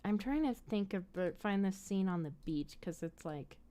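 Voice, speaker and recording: A woman's voice: mid-range voice, lively intonation, normal speed, dark tone. A woman hosting a casual movie chat, giggly and rambling as she thinks aloud. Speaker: host.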